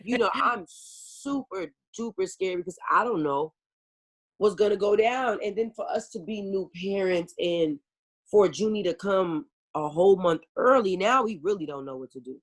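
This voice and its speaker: A woman speaking as a guest singer, earnest and openly emotional, often filling her thoughts with "you know". Her voice sits at an ordinary middle pitch and comes through a video call. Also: animated, moderate pace. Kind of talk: casual interview.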